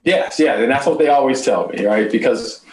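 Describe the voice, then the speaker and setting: A man, a navy veteran guest on a podcast panel, talking in an easygoing, modest way with halting restarts. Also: medium pitch, reverberant, low-quality recording. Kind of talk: casual panel chat.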